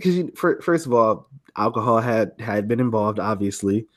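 A man's voice: on the low side, animated, moderate pace. A young man co-hosting a podcast, telling a story in loose, slangy casual chat with many fillers. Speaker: podcast co-host.

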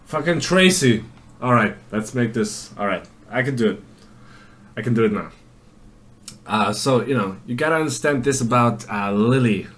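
A man's voice: medium pitch, lively intonation, normal speed, a bit bright. A man hosting a casual solo podcast, rambling and swearing with lots of fillers and restarts. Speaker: podcast host. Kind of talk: casual monologue.

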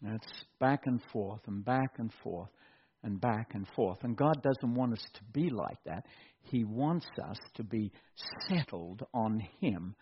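A middle-aged man preaching a sermon, animated and acting out quotes in mock voices. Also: lowish voice, a little slow, slightly rough. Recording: dull lo-fi recording.

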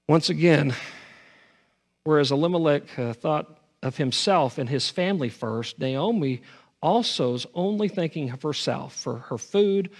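A man preaching a sermon as pastor, earnest, often stumbling over and repeating his words. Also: a little high.

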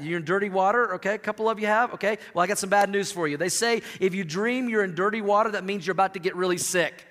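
A man's voice: high voice, a bit bright. A middle-aged man preaching a humorous sermon to a church congregation, telling stories and acting out the quotes. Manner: playful, storytelling, acts out quotes. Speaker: pastor. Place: church sanctuary. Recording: long hall reverb.

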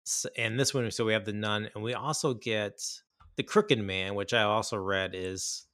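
A man's voice: on the low side, moderate pace, fairly bright tone, no room sound, clean studio sound. A man co-hosting a casual chat about horror films, enthusiastic and rambling, with many fillers and restarts. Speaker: podcast co-host.

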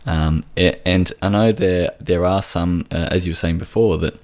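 Aussie guy hosting a chat podcast, really low voice, stumbles and restarts a lot. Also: fairly even intonation, darkish tone. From Australia. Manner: halting, many restarts and fillers, laughs often. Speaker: podcast host. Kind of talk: casual interview chat.

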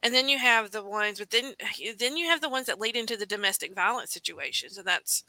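Woman with a very bright voice. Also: on the high side, fairly quick, no echo, poor audio. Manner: explains in loose, searching phrases. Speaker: podcast co-host. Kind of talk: casual discussion.

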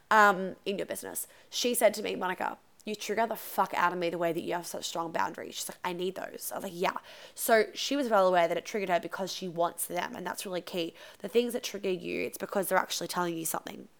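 A young adult woman hosting her podcast alone, chatting candidly, swearing freely and going off on quick asides. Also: lowish voice, gravelly. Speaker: podcast host and coach. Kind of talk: casual solo podcast chat.

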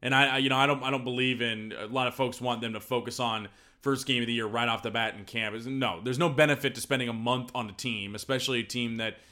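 A man's voice: medium pitch, fairly even intonation, fast talker, bright, forceful tone. A man hosting a podcast in casual chat, rambling and enthusiastic, joking at his own expense. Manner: rambling, enthusiastic, self-deprecating. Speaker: podcast host.

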